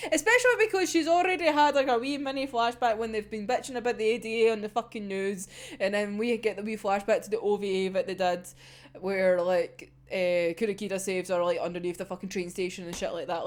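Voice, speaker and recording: A woman's voice: mid-range voice, lively intonation, brisk. A young woman with a Scottish accent chatting casually about an anime episode, swearing freely and laughing often. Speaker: anime reviewer.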